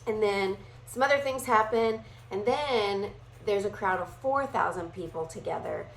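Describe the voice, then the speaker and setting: A woman leading a casual Bible study, talking in a chatty, animated way and briefly acting out playful voices. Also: mid-range voice, moderate pace, reverberant, slight background noise, rough recording.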